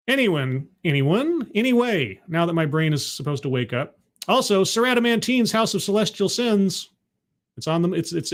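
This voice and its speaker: A man signing off a live stream in a rambling, self-deprecating way, with frequent restarts. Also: fairly high pitch. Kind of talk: casual live-stream sign-off.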